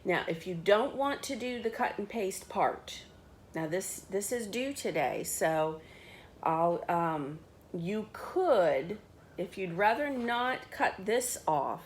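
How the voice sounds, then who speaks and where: Slow, patient teacher woman. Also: mid-range voice, expressive, a little hiss or hum. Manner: patient, explains step by step. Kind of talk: remote class instructions.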